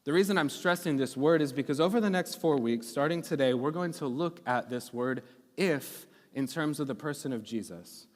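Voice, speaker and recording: A man's voice: a little high, normal speed, in a large hall. A man preaching a sermon in a conversational, teaching way, often checking in with the congregation. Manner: conversational teaching with frequent okay and right checks. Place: church sanctuary.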